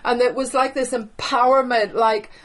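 A woman delivering charismatic prophetic prayer over a video call, fervent, with breathy exclamations. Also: fairly high pitch, steady tone, moderate pace, rough recording.

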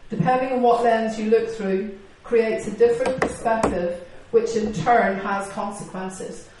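A woman's voice: a little high, measured pace. Irish woman preaching in an echoey hall. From Northern Ireland or Ireland, living in Britain. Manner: animated preaching, rhetorical questions, acted-out quotes. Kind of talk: sermon. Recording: echoey hall, distant mic, faint noise.

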